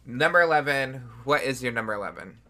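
A blunt man in casual podcast chat, with a very bright, sharp, tense voice at a middle pitch. He talks matter-of-factly and cuts in to set his co-host straight. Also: lively intonation, fast.

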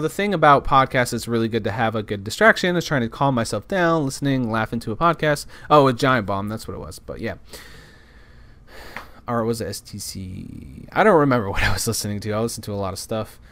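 A man's voice: medium pitch, quick pace, a bit bright, no echo. A man telling a work story in a casual monologue, rambling, repeating words and cursing now and then.

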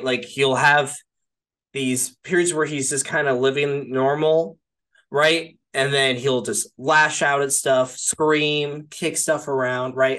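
A man's voice: medium pitch, bright, forceful tone. A man co-hosting a podcast, talking casually about a film in a rambling way, filling his speech with "like" and "right?" and swearing now and then. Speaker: podcast co-host.

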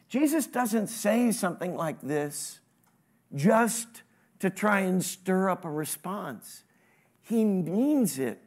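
A man preaching a sermon, with sudden rises in pitch and volume and questions to the congregation. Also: lively intonation, slow pace, a little mellow. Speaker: pastor.

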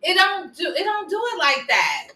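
A woman's voice: very high voice, huge pitch swings, moderate pace, pushed and bright, distant mic. A woman guest on a casual talk show, chatting frankly and laughing easily. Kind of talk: casual chat. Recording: roomy echo, faint noise.

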